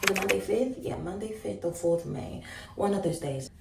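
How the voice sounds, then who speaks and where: A woman's voice: medium pitch, moderate pace, creaky, reverberant, distant mic, very noisy. A woman in her late twenties from Ghana, venting in a casual, candid vlog to her phone camera. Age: late 20s. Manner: frustrated venting, chatty and candid. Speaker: vlogger.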